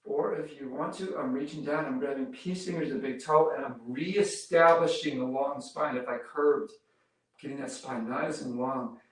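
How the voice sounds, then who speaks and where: A man leading a yoga class, giving calm step-by-step cues while he demonstrates the poses and counts breaths. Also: mid-range voice, normal speed. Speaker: yoga instructor. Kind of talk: guided yoga class instruction. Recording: roomy echo, mic far off.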